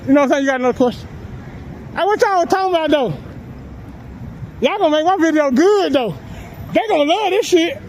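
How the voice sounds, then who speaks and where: A man's voice: extremely high pitch, a little mellow, slight background noise, rough recording. A man filming police from a public sidewalk, talking in a brash, taunting, swearing way and laughing often. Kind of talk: casual street talk.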